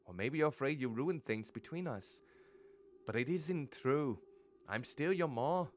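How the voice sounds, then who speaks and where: A tender Irish mother speaks in a put-on accent, as a male streamer voices her. She reads her letter slowly and gently at an ordinary middle pitch. A faint hum sits behind the voice. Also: animated, close to an everyday voice. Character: warm Irish mother writing to her estranged child. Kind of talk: reading a game letter aloud in a character voice.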